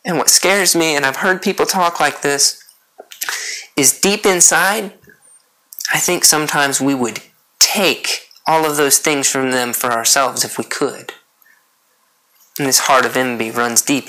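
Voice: mid-range voice, pushed and bright, low-quality recording. A preacher delivering a sermon, earnest, repeating key points and putting rhetorical questions to the congregation.

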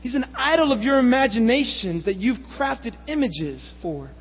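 A man preaching a sermon, lively and animated, with rhetorical questions and sarcastic asides. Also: very high voice, moderate pace, hardly any pauses, a little hiss or hum. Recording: dull lo-fi recording with long hall reverb.

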